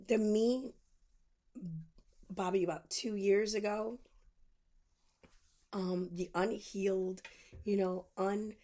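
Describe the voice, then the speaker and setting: A woman's voice: mid-range voice, warm tone. A woman podcast host telling a personal story in a candid monologue, acting out both sides of the conversations she recounts.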